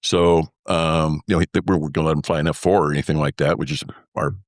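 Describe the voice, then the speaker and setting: A man's voice: extremely low pitch, steady tone, fast talker, no room sound, clean studio sound. A man, an interview guest and former pilot, telling a story in a rambling, wry way full of fillers.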